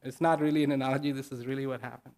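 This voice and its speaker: A man giving a speech to an audience, slow and deliberate, pausing between short phrases and repeating key words for emphasis. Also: mid-range voice, fairly even intonation, darkish tone. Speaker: invited speaker. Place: event at a large international venue.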